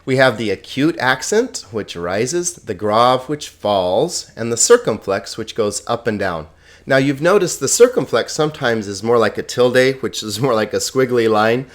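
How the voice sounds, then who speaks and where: A middle-aged man giving a recorded lesson, explaining slides in a relaxed way with plain words and small jokes. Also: mid-range voice, a little slow. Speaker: Greek teacher.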